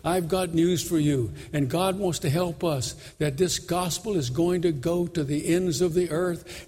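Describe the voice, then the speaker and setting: A man's voice: a little high, darkish tone, long reverb tail, slight background noise. A man preaching a sermon, telling a story with fervor and repeating phrases for emphasis.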